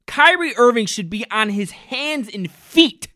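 A man hosting a podcast, ranting angrily with loud mocking sarcasm and jeering mimicry. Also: very high voice, expressive, a little slow, dry recording, clean studio sound. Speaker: podcast host. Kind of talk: angry ranting commentary.

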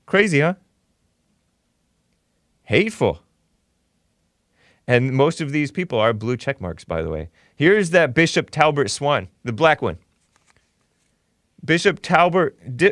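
A man's voice: medium pitch, big pitch swings, slow pace, pauses often, a bit bright, dry recording, studio quality. A man hosting a talk show, giving opinionated commentary with a mocking tone and frequent chuckles. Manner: mocking, chuckles often while reading posts.

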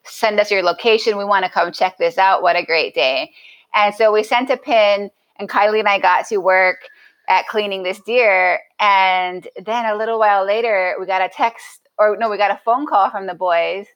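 A woman guesting on a podcast tells a story in an easy, chatty, animated way, her voice bouncing as she acts out what people said and restarts sentences often. Her voice is mid-range at a moderate pace, and the recording is rough.

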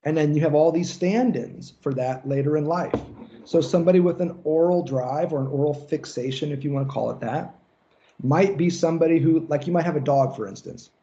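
A man's voice: a little high, fairly quick, warm tone. Casual swearing man lecturing, dull audio. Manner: casual, swears freely, acts out mocking rants. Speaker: lecturer on psychoanalysis. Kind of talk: recorded seminar lecture.

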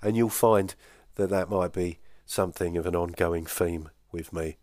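A man's voice: deep voice, steady tone, moderate pace, darkish tone, no room sound, clean studio sound. A man hosting a podcast, chatting casually and hesitantly as he answers listener voice messages, poking fun at himself. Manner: hesitant and self-deprecating, with many fillers. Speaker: podcast host.

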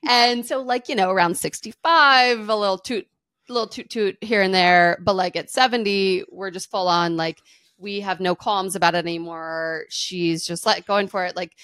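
Giggly, animated woman podcast host. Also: medium pitch, moderate pace, smooth, no room sound, clean studio sound. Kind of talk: casual chat.

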